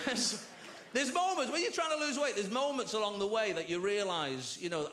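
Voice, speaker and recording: A man's voice: high-pitched, very animated, a little fast. A man doing a chatty, self-mocking stand-up comedy routine on a large theatre stage, acting out voices. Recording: echoey theatre, loud audience.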